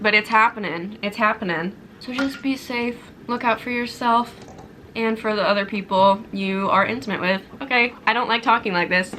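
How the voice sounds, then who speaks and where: A young woman in her twenties talks to her camera at home in a chatty, rambling way, full of fillers and self-deprecating asides. Her voice is bright and clear. A faint hum of household sounds sits behind her. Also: medium pitch, poor audio. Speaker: vlogger. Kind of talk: casual vlog chat to camera. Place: home kitchen and bedroom.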